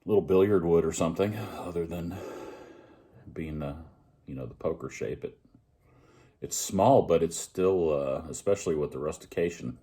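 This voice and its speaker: A man's voice: deep voice, moderate pace. A man casually chatting as he reviews a pipe, rambling and joking at his own expense while he smokes. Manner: relaxed, rambling, joking at himself. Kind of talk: casual vlog chat.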